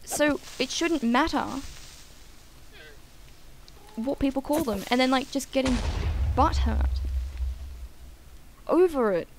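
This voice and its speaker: A woman's voice: high-pitched, measured pace, a little hiss or hum, low-quality recording. A young woman in casual chat while gaming, rambling and opinionated, full of "like" and "um". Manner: chatty and rambling, frequent "like" and "um"; blunt and opinionated. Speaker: gaming channel co-host.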